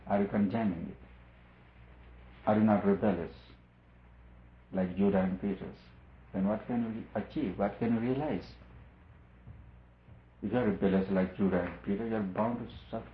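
A man's voice: on the low side, steady tone, normal speed, pauses often. A man giving a spiritual discourse as a teacher, earnest and repetitive, pressing his key points harder. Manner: earnest, repeats phrases for emphasis, rising on key points. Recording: tinny lo-fi with roomy echo.

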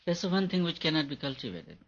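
A man's voice: on the high side, sing-song, fast talker, husky. A man giving a spiritual talk on meditation, repeating his points for emphasis. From India. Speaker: meditation teacher. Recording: dull lo-fi recording.

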